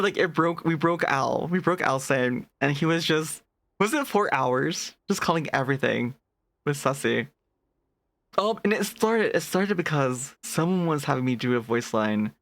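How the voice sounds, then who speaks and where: A streamer with a deeper natural voice, chatting casually with live viewers late at night, animated, laughing often and answering chat messages as they come in. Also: no room sound. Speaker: VTuber streamer.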